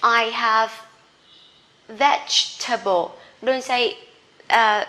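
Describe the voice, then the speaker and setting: A woman teaching English, saying each word slowly and repeating it for learners, often checking with "okay?". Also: a little high, sharp tone. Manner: ends points with a checking "okay?". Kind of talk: slow drilled English lesson.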